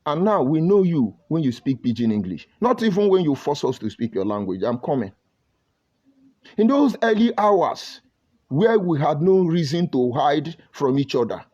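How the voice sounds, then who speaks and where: Man, Nigerian accent, scolding rant, fairly high voice, dull lo-fi sound. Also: warm tone. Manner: heated, scolding, rhetorical questions. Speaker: commentator. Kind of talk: impassioned monologue. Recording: dull lo-fi audio.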